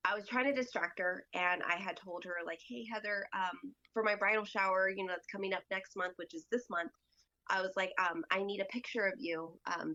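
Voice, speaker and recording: A woman's voice: on the low side, pushed and bright, highs cut off. A woman speaking as a podcast guest in casual storytelling, chatty and full of fillers, acting out other people's lines as she goes. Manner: chatty, acts out quoted dialogue with lots of fillers.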